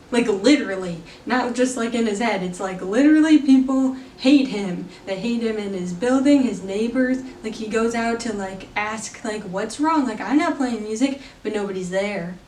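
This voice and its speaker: A woman's voice: on the high side, normal speed, hardly any pauses, a little mellow, far from the mic, slight background noise. Chatty woman reviewing a film, echoey room. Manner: chatty, many fillers, laughs often. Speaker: movie reviewer. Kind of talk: casual spoken film review.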